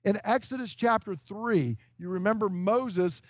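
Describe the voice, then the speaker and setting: Emphatic high-voiced preacher man in his fifties. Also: unhurried, dry recording, clean studio sound. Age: 50s. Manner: emphatic, explanatory, checks in with "okay?". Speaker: preacher teaching scripture. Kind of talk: expository sermon.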